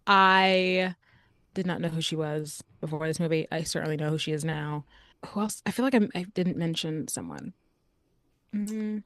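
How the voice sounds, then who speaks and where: A young woman talks through a film review in a loose, chatty way, leaning on filler words as she goes. Her voice sits a little low for a woman. The sound is dry and close, with no room echo. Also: normal speed. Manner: chatty, animated, frequent "like" fillers. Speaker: podcast co-host. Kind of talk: casual film review chat.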